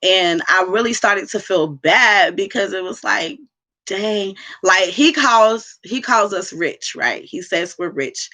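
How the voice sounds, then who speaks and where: A woman's voice: mid-range voice, slow, sharp tone. A woman talking candidly and at length to her viewers from home, rambling and heartfelt. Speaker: vlogger. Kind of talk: casual monologue to viewers. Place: at home indoors.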